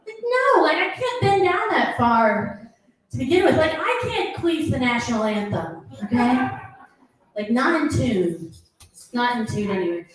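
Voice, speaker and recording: Lively middle-aged woman doing stand-up. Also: unhurried. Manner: animated, mimics her husband in a lower voice. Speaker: stand-up comic. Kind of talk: stand-up comedy set. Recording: roomy echoing venue, mic heard from a distance.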